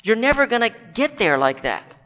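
A man voicing a kindly man from heaven who gently urges a ghost to come in. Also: extremely high pitch, big pitch swings, normal speed, voice pushed up, heavily acted. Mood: gentle. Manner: patient, gently persuasive. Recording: long hall reverb.

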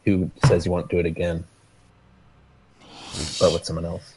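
A man's voice: sits low, completely flat delivery, normal speed, a little mellow, a little hiss or hum. A man chatting casually as a tabletop game player, rambling and joking.

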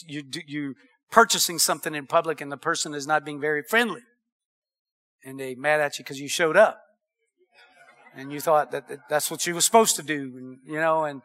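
A middle-aged man delivers a sermon in a high, ringing voice with a very bright, forceful edge. He is animated, calls the congregation for amens, and laughs at his own jokes. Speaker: pastor.

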